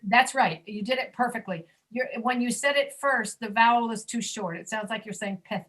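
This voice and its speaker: A woman's voice: a little high, a bit bright. Patient woman teaching pronunciation. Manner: patient, corrective, models sounds slowly. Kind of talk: online pronunciation class. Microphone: video call.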